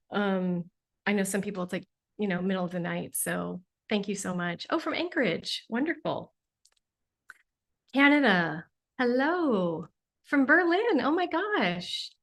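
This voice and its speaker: A woman with a somewhat high voice chats warmly and effusively as she hosts a live stream. She greets viewers one by one with frequent exclamations and sounds a little sniffly from allergies. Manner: bubbly, effusive, exclaims often. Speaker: livestream host and spiritual teacher. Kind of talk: casual livestream chat greeting viewers.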